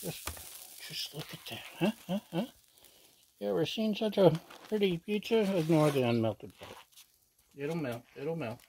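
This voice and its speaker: A man's voice: a little high, moderate pace, pauses often, background noise. A man hosting a casual cooking vlog outdoors at a griddle, chatty and jokey, teasing the viewer with repeated little asides. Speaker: cooking channel host. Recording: loud griddle sizzle behind voice.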